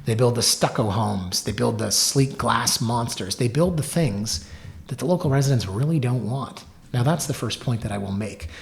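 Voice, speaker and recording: A middle-aged man hosting his own real-estate podcast, telling stories in an animated, wry way with joking asides. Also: medium pitch, moderate pace, gravelly. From Canada. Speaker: realtor and podcast host. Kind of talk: solo podcast talk with storytelling.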